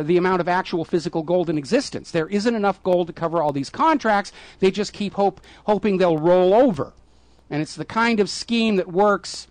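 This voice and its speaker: A man's voice: sits high, no echo. A middle-aged man hosting a talk radio show, delivering a sarcastic, mocking monologue and now and then stumbling over his words with fillers.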